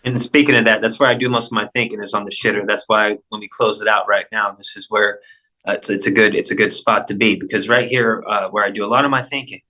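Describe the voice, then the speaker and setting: Guest, low-voiced man, loose casual talk, repeats himself. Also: fairly even intonation, fast, pushed and bright, rough recording. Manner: loose, swearing, repeats words. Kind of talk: casual interview chat.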